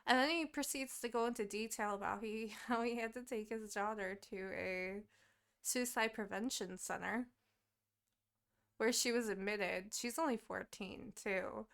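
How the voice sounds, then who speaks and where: A woman's voice: mid-range voice, measured pace, vocal fry, a bit bright. A young woman co-hosting a podcast, chatting casually and rambling through her week, swearing often and laughing. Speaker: podcast co-host. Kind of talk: casual chat.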